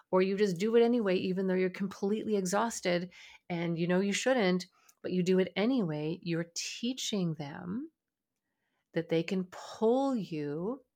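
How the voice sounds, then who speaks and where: A woman's voice: fairly low pitch, a little mellow. Earnest woman parenting podcast host. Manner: earnest, acts out parent dialogue. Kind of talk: motivational podcast talk.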